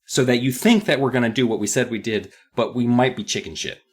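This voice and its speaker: A man's voice: mid-range voice, fast talker, slightly rough, lightly acted. A man voicing a scheming boy who lays out a sneaky plan in a bossy, explaining way.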